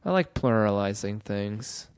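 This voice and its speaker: A man's voice: fairly low pitch, animated, darkish tone, smooth. A man from Canada, a guest on a comedy podcast, riffing playfully in casual chat. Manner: playful, quick to riff.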